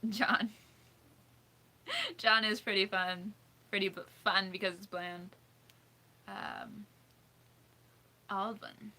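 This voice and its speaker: A woman's voice: medium pitch, huge pitch swings, very slow, long pauses, pushed and bright. A woman hosting a casual livestream, reading out suggestions, giggling often and thinking aloud as she second-guesses pronunciations. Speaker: livestream host.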